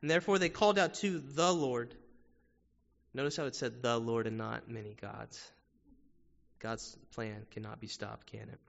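The pastor's mid-range voice holds a steady tone at a moderate pace, with some vocal fry. He talks to his congregation in a conversational sermon full of rhetorical questions, captured in a church sanctuary with muffled sound and lengthy reverb.

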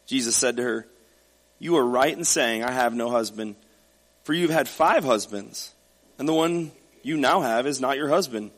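A man's voice: medium pitch, normal speed, a bit bright. Preaching man in a reverberant hall. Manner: reads scripture then explains it conversationally. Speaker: pastor. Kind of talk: sermon.

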